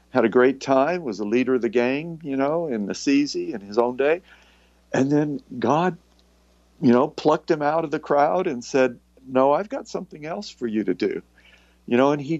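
A man's voice: medium pitch, darkish tone, no echo, dull audio. A man preaching a sermon in a reflective, searching way, often restarting his phrases.

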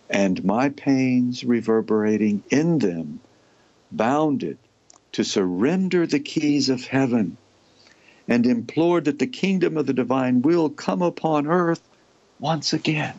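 A man reading aloud from a devotional text and explaining it in a deliberate way, lingering on long lists of words. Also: medium pitch, a little mellow, no room sound. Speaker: religious teacher. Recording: dull, lo-fi, dry recording.

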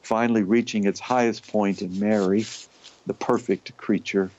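A man reading aloud from a devotional text and explaining it in a deliberate way, lingering on long lists of words. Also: lowish voice, fairly even intonation, darkish tone, slight background noise. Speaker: religious teacher. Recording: dull, lo-fi, dry recording.

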